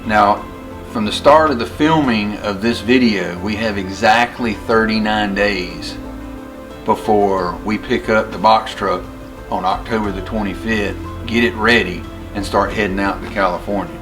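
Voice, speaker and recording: Guy narrating his vlog, earnest, lots of ums, quiet music under it. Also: fairly low pitch, rough recording. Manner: earnest, halting with fillers. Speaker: documentary host.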